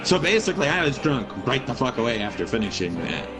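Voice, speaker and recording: A man's voice: medium pitch, fast, over music, low-quality recording. Rambling, profane young man telling stories. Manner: rambling, profane, animated storyteller. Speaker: gaming streamer. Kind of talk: casual storytelling over gameplay.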